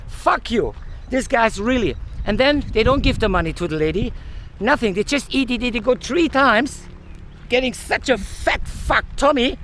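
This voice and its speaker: A man's voice: very high-pitched, normal speed, fairly bright tone. A male vlogger sweating in the heat while he rants outdoors, swearing and stopping to hunt for words. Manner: heated and swearing, often searching for words. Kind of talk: casual ranting monologue.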